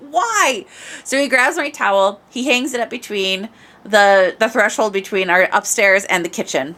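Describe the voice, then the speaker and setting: A woman podcast host telling a casual anecdote into a microphone, animated and expressive, dropping to low mutters and rising to shrieks.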